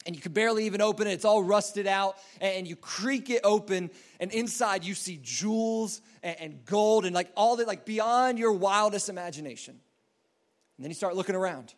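High-voiced man preaching casually. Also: normal speed. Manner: rambling and conversational, full of "like" and restarts; acts out quoted voices in a story. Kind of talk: casual storytelling sermon.

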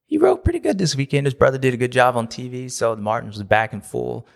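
A man's voice: medium pitch, animated, quick pace, gravelly. A man hosting a motocross recap show, ranting in a playful, self-mocking, grumpy way. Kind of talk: casual ranting commentary.

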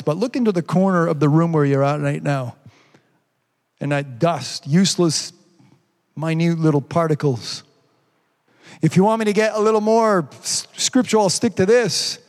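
A man's voice: fairly high pitch, long reverb tail. A man preaching a sermon as pastor, calling out to the congregation and asking rhetorical questions. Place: church.

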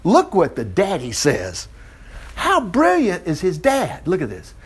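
A middle-aged man preaching, reading a Bible story aloud and breaking off with chuckling, animated commentary. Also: sits high, measured pace, breathy edge. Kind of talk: Bible reading with lively asides.

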